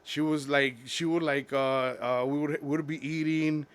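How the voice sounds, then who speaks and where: Halting young man opening up. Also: fairly high pitch, fairly even intonation, smooth. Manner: halting, many restarts and fillers. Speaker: vlogger. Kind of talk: personal confessional monologue.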